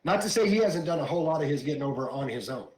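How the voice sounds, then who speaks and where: A man's voice: a little high, expressive, rapid-fire, darkish tone. A man hosting a podcast in casual chat, conversational with plenty of fillers. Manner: conversational, lots of "you know" fillers. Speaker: podcast host. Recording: roomy echo.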